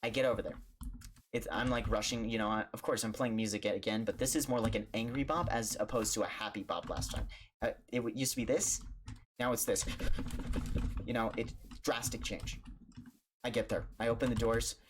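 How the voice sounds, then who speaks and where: A young man, a streamer, telling a story casually and animatedly, putting on high voices for the people in it. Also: fairly even intonation, a little fast, a little hiss or hum.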